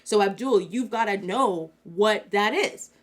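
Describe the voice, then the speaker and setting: A woman co-hosts a casual business podcast. Her voice sits at an ordinary pitch for a woman. She gives coaching advice in short, measured phrases. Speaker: podcast co-host.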